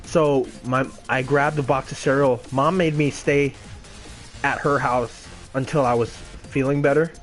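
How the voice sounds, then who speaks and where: Faint music sits behind this gaming channel host, a man in his twenties with a mid-range voice, fairly even intonation and a measured pace. His casual, rambling story is full of swearing and self-mocking laughs.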